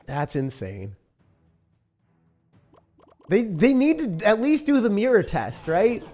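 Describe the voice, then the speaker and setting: A young man commentating his own gameplay as a streamer, excitable and sarcastic, mocking what he complains about. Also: high-pitched, takes it slowly. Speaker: game streamer. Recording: faint music behind.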